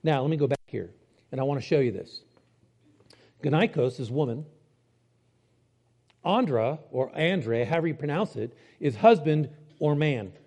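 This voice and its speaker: Lively, high-voiced male preacher. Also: normal speed, long pauses. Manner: conversational, explains step by step with rhetorical questions. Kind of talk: sermon.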